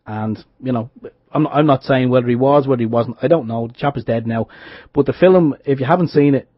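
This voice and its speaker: A man co-hosts an internet radio show in a casual, rambling way, often restarting his sentences. His voice is somewhat husky and mid-pitched. The audio is dry and dull, like a lo-fi stream. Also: a little fast, dry recording. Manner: rambling, hesitant, many restarts.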